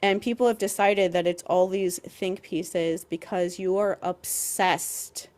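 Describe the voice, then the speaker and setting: A woman's voice: fairly low pitch, steady tone, slow, a little mellow. A young woman co-hosting a podcast, ranting emphatically with lots of "like" and some swearing. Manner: heated and emphatic, heavy use of "like", swearing. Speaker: podcast co-host.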